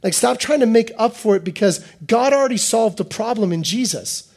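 A man preaching a sermon as a pastor, animated and repetitive, acting out quotes in his talk. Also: high-pitched, normal speed. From United States.

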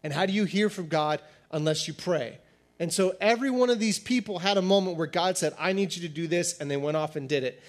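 A pastor giving a sermon in a conversational, animated style, acting out little dialogues as he teaches. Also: sits high.

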